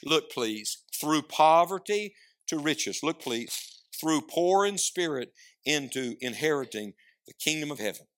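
Male preacher, tense bright tone, dramatic loud-soft swings, call-and-response sermon. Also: on the high side. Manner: emphatic, swings from loud declarations to hushed asides; asks the congregation questions and prompts replies.

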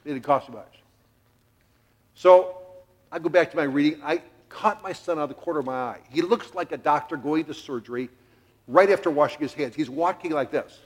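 A man's voice: a little high, brisk. A middle-aged man preaching a sermon in a church, telling a family story with jokes and acting out the quotes. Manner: animated, jokey, acts out quotes. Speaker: pastor.

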